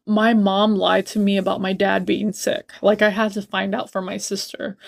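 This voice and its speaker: A woman's voice: mid-range voice, creaky. Blunt, swearing young woman venting. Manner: blunt and profane, swears a lot; heated, repeats herself for emphasis. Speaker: livestreamer. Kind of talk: casual storytime chat.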